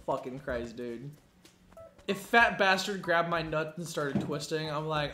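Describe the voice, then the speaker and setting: A man's voice: on the high side, a little slow, noisy background. A man casually chatting while live streaming a game, telling stories with lots of swearing and laughter. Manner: profane, laughing, animated storytelling. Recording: roomy echo.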